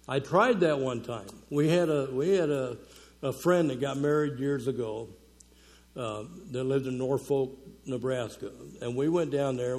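This women's conference speaker gives a chatty, folksy sermon, pausing on fillers and letting out small chuckles. He has a mid-range voice that is a little mellow.

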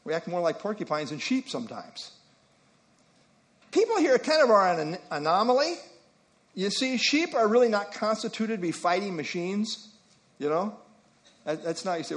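A male pastor preaching a sermon in a conversational way, with folksy asides and slow, deliberate scripture reading. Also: high voice, big pitch swings.

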